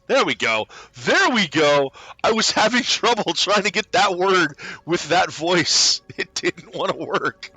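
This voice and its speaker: A man streaming a game, chatting casually and excitably as he plays. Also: high voice, unhurried, hardly any pauses, breathy edge. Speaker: gaming streamer.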